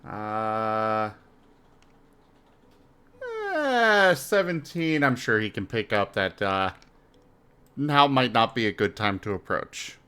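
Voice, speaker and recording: A man's voice: fairly low pitch, lively intonation, takes it slowly, long pauses, sharp tone, clear, resonant tone. A man playing a tabletop game, hesitant and thinking aloud as he makes rolls. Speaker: player. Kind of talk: tabletop role-play.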